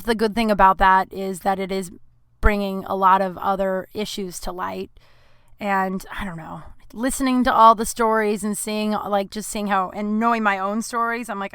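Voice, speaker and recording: A woman's voice: a little high, a bit bright, clear, resonant tone, no echo. A woman hosting her own podcast, telling stories in a rambling, frank, casual way with plenty of fillers and swearing. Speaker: podcast host. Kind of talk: casual solo podcast storytelling.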